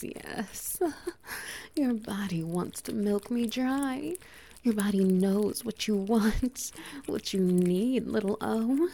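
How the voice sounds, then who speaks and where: Woman for a whispered role-play: slow, gravelly, dominant and teasing, faint hiss behind. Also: medium pitch. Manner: dominant, teasing, slow and breathy with soft laughs. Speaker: audio role-play performer.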